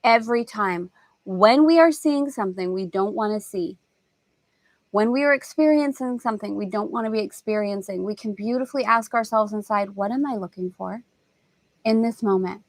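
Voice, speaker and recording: A woman's voice: medium pitch, moderate pace, no echo. A middle-aged woman hosting a spiritual lesson talk, telling stories with animation and acting out family voices. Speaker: host.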